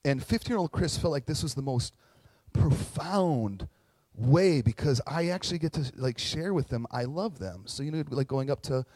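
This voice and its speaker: A man's voice: on the high side, lively intonation, normal speed, a little mellow, dry recording. A young man, a pastor, giving a casual, storytelling sermon and acting out the voices he quotes.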